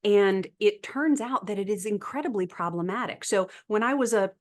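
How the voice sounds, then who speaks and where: A woman's voice: mid-range voice, normal speed. A woman psychologist giving a webinar lecture, explaining steadily and often checking in with "right?".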